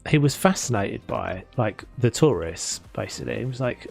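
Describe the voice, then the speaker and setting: A man's voice: lowish voice, animated, normal speed, gravelly, few pauses, a little mellow. A man chatting casually while he plays a building game, rambling with many restarts. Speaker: gaming streamer. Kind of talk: casual chat while playing. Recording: faint music behind.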